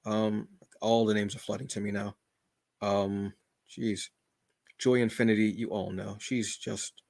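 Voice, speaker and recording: A man's voice: on the low side, creaky, darkish tone, no room sound. A man hosting his own livestream, chatting casually in a rambling, self-deprecating way. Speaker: channel host.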